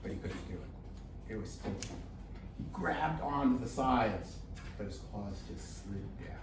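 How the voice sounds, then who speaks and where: A man telling a folk tale to an audience in a lively, expressive way, with slow, dramatic pauses. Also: lowish voice, noisy background. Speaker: volunteer storyteller. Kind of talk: animated storytelling to an audience. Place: luncheon hall. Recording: roomy distant room mic, faint ambience.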